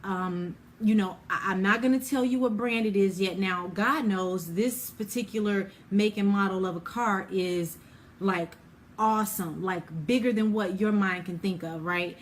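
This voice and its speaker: A woman's voice: mid-range voice, a little slow, slight background noise. A woman giving an informal Bible lesson in a chatty, everyday way, full of "you know" and "like", acting out little scenes. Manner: acts out everyday scenes with quoted dialogue. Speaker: Bible teacher.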